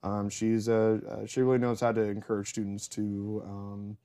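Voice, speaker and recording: A man's voice: fairly low pitch, completely flat delivery, normal speed, dark tone. A young man co-hosting a casual chat, telling a rambling, self-deprecating story full of fillers and restarts. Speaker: podcast co-host.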